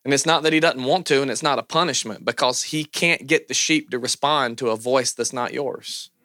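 Bright-voiced Southern pastor preaching. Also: male voice, medium pitch, fairly quick, no echo. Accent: Southern American. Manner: loud, animated, self-deprecating preaching. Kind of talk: sermon.

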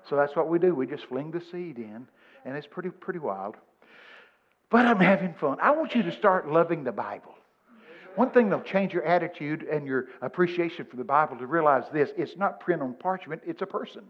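A man's voice: a little high, a little fast, highs cut off. Folksy preacher in his seventies. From Texas. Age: 70s. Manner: folksy, animated storytelling with scripture quotes. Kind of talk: sermon.

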